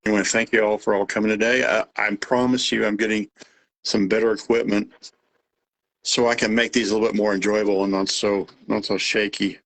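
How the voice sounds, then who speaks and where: Man, Texas accent, a bit nasal, lowish pitch, relaxed rambling chat. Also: a little fast, poor audio. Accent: Texan. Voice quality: a little nasal. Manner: relaxed, rambling, with fillers and restarts. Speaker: host of a live radio-monitoring Q&A. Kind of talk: casual live chat.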